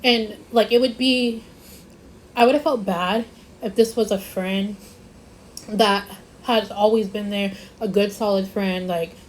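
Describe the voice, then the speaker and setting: A woman's voice: mid-range voice, steady tone, unhurried, pauses often, slight background noise, rough recording. A young woman vlogger telling a casual storytime, rambling with lots of "like" and stressing her points. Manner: rambling, repeats herself, lots of "like".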